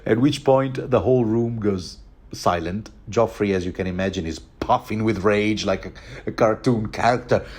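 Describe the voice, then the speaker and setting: A man's voice: lowish voice, normal speed, a little mellow. A man giving a rambling, chatty book commentary, joking and chuckling as he goes. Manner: rambling, chuckling, many fillers and restarts.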